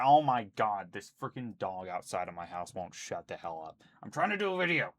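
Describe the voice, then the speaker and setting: A man's voice: on the low side, sing-song, normal speed, hardly any pauses, no echo. A man at home, rambling indignantly as a YouTuber in casual ranting commentary, full of fillers.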